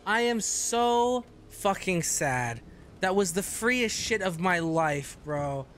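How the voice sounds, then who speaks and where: This gaming streamer speaks in a high-pitched voice and takes his time, with soft music playing in the background. He gives live commentary on his gameplay, talking to viewers excitably, cursing a lot and yelping when startled.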